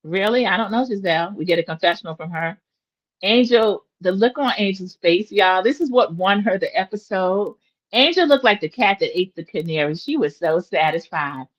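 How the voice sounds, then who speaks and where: A woman in her forties talks through a reality TV episode in a casual, opinionated way, calling out to her viewers. Her voice sits at a middle pitch. The recording is dull and lo-fi, like a home setup. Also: lively intonation, normal speed. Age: 40s. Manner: opinionated, chatty, addresses viewers as y'all. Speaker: recap host.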